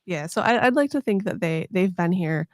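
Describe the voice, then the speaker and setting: A woman's voice: fairly low pitch, animated, moderate pace, dry recording, studio quality. A woman hosting a podcast in casual chat, playful and sarcastic, swearing freely and acting out silly voices. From United States. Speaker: podcast host.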